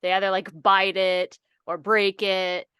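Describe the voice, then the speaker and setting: A woman's voice: medium pitch, flat delivery, a little slow, bright, forceful tone, clean tone, no room sound, clean studio sound. A woman co-hosting a podcast in casual chat, telling stories in a teasing way and laughing often. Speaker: podcast co-host.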